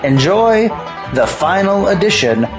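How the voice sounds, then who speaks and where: A man's voice: high voice, big pitch swings, measured pace, over music. A man hosting a satirical radio comedy hour, reading a scripted intro with dry, wry banter.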